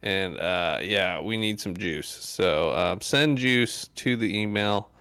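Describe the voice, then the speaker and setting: A man's voice: low voice, takes it slowly, fairly bright tone, clear, resonant tone, no echo, clean studio sound. A man co-hosting a gaming podcast in casual, joking chat, wrapping up the show. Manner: joking, laid-back. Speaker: podcast co-host.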